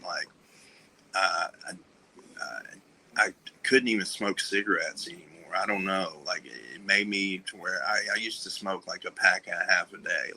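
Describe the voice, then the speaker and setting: A man speaking as a podcast guest, telling a personal story candidly in a halting way, with many fillers and restarts, and often trailing off softly. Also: deep voice, a little hiss or hum, rough recording. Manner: soft-spoken, trailing off. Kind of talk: candid conversation about recovery.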